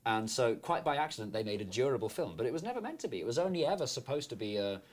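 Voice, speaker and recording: A man, a guest on a casual film chat, telling animated stories with quick asides. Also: medium pitch.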